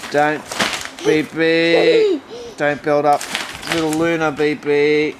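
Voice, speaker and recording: A woman's voice: sits low, flat delivery, takes it slowly. Playful woman filming her pets. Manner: playful, exclaiming, teasing pets, barking woofs. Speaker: pet owner filming her kitten. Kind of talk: casual home-video commentary. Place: holiday home, indoors. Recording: echoey room with clear background noise.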